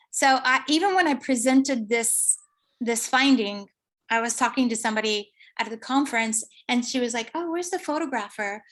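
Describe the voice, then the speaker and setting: A woman giving an online lecture, explaining slowly and thinking aloud with fillers. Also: fairly high pitch, a bit bright.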